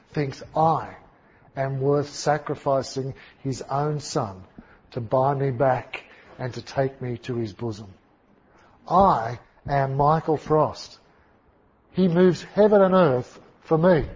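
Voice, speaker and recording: Husky-voiced man preaching dramatically. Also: medium pitch, darkish tone, lo-fi sound. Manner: dramatic, emphatic storytelling with big swings in volume. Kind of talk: sermon.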